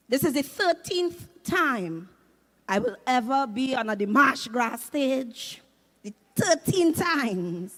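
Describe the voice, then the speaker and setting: A woman in her fifties with a Trinidadian accent, doing loud, animated stand-up comedy on a live stage. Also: high-pitched, slow pace. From Trinidad and Tobago. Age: 50s. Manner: loud, animated, shouting punchlines.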